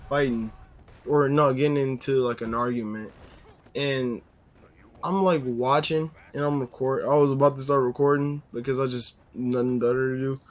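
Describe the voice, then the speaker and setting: A man telling a casual story on a vlog, animated and full of fillers. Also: mid-range voice.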